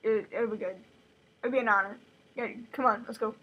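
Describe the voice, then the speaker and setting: A woman voicing a stiff automaton servant girl who speaks quietly and mechanically. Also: on the high side, a little fast, slightly rough, muffled recording. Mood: flat. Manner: flat, quiet, mechanical repetition.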